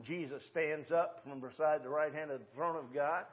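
A man's voice: on the high side, fairly even intonation, moderate pace, muffled recording. A man in his sixties preaching a sermon in a church, in a folksy, conversational way full of rhetorical questions. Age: 60s. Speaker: pastor. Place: church sanctuary.

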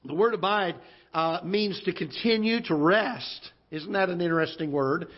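A man preaching a sermon as pastor, unhurried and folksy with many fillers, slowing down to read scripture. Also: high voice. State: occasional cough. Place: church auditorium. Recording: dull lo-fi church broadcast audio.

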